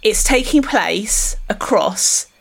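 A woman, co-hosting a comedy podcast, pitching an absurd protest stunt with mock-earnest conviction. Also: expressive, slow pace, gravelly, breathy edge. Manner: earnest mock-activist delivery, breaks into laughter.

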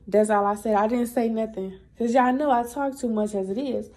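A young adult woman hosting a podcast, telling a story in a chatty, animated, profane way. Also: fairly high pitch, moderate pace, pauses often. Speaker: podcast host. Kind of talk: casual storytelling monologue.

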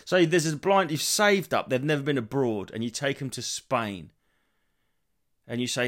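On his solo comedy podcast, a thirtysomething man rambles through sweary, animated stories that wander all over the place. He speaks at medium pitch and a moderate pace.

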